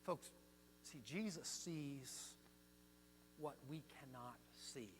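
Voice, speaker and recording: An older man preaching a sermon as pastor, telling stories and swinging from hushed to loud. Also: mid-range voice, slow pace. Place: church sanctuary. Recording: long hall reverb with mains hum.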